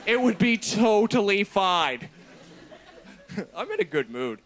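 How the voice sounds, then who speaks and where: A man in his twenties doing a stand-up routine on a TV comedy show, deadpan with sudden shouted bursts. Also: high voice, takes it slowly, very noisy. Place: TV studio stage before an audience.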